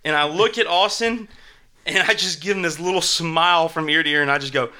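A man telling a fall story to friends in casual chat, animated, swearing often and saying "like" a lot. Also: fairly high pitch, fairly quick. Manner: animated, swearing, heavy use of "like".

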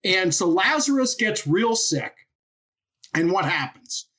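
A woman telling a Bible story as an informal sermon, animated and full of rhetorical questions. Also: medium pitch, slow pace.

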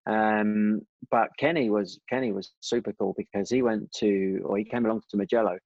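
A man's voice: lowish voice, fairly even intonation, normal speed, a little mellow, dry recording. A man telling racing stories in a casual interview, rambling with many restarts. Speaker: guest, former motorcycle racer. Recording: dull dry sound.

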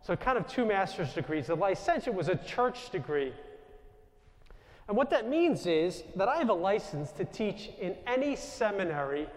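A man's voice: sits high, sing-song, normal speed, reverberant, long reverb tail. A man with a New York accent, a Jesuit priest giving a conversational storytelling talk to a live audience. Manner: conversational, anecdotal, with self-corrections.

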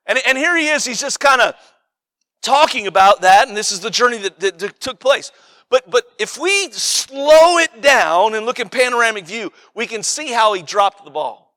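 A man's voice: high-pitched, a little fast, sharp tone. A man preaching a sermon in a conversational, emphatic way, often repeating and restarting his words.

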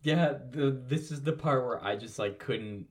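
A man's voice: medium pitch, measured pace. A man co-hosting a podcast in casual chat, earnestly reflecting on a show and laughing often. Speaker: podcast co-host.

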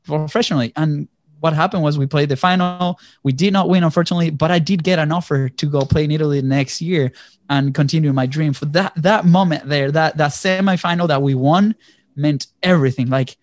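A man from Venezuela telling a personal story in conversation, animated and lively, often checking in with "right?" and acting out what people said. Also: a little high, brisk, no echo, clean studio sound. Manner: animated storyteller, acts out quotes, frequent "right?". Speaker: guest.

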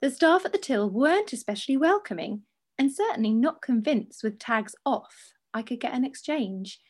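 A woman hosting a podcast, reading a listener's story aloud in an expressive, dramatic way. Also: on the high side, normal speed. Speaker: podcast host.

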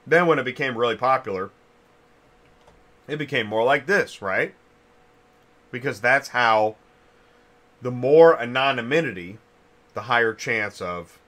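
A man's voice: mid-range voice, a bit bright. A man hosting a casual industry chat, rambling and thinking aloud with many restarts while chewing a cough drop. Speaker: podcast host.

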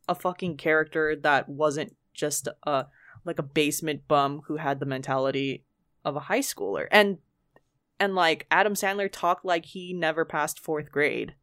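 A woman with a fairly low voice talks in a loose, casual podcast chat. She is blunt, swears freely and leans on filler words. Her voice is close and dry, with no room sound. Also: a bit bright, no echo.

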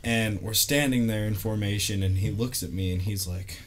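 A man's voice: lowish voice, normal speed. Young guy, casual guest, rambling funny anecdotes, light background hiss. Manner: laid-back storytelling, lots of fillers and laughter. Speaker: interviewee, army veteran. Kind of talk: casual chat.

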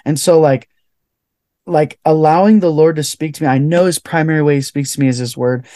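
A man's voice: fairly high pitch, fairly even intonation, fairly quick, dark tone, no echo, clean studio sound. A young man, a podcast guest, sharing a heartfelt personal testimony with lots of "like" fillers. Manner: heartfelt, fills speech with "like". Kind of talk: earnest personal testimony in conversation.

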